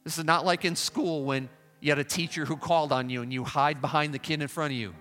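A man delivers a revival camp meeting sermon in a high, bright voice. He preaches fervently, pleading and repeating his appeals, with faint music playing behind him. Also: fairly even intonation, fast talker, big-room sound. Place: large tabernacle.

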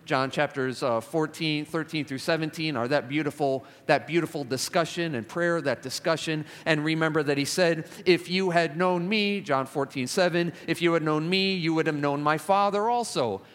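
A male preacher with a somewhat high voice delivers an emphatic sermon. He drives home repeated phrases and builds to fervent climaxes. His voice rings with the long reverb of a large hall. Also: normal speed, hardly any pauses, a bit bright.

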